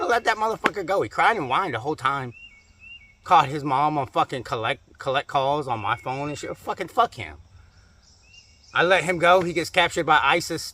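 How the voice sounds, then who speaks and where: A man's voice: a little high, pushed and bright, slight background noise. A man in a comedic rant, angry and profane, swearing constantly and repeating himself. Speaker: comedic ranting character.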